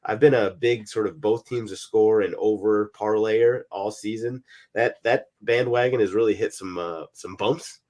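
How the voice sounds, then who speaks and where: A man's voice: fairly low pitch, fairly even intonation, moderate pace, a little mellow. A man co-hosting a sports betting podcast, talking casually and often repeating words as he starts a thought.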